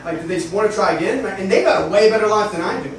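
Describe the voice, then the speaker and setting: A man's voice: high voice, fast talker, a little hiss or hum. A man performing stand-up, asking the crowd questions and laughing at his own lines. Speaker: stand-up comedian. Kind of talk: stand-up set recording. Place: comedy club stage. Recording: echoey club from far off.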